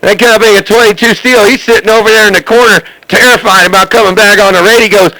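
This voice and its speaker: A man's voice: high-pitched, steady tone, fast, hardly any pauses, sharp tone. A man trash-talking over a CB radio, taunting and repeating himself, with a crackly radio sound. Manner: taunting, repetitive, laughing. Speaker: CB radio operator.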